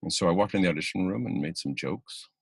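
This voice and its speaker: A man with a low, husky voice hosts an acting webinar, recounting an audition in easy, casual talk. He slips into the people he quotes with lively energy. The sound is close and dry, with no room around it. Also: quick pace, no echo. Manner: animated, acts out quoted voices. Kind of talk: casual storytelling and advice. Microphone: webinar video call.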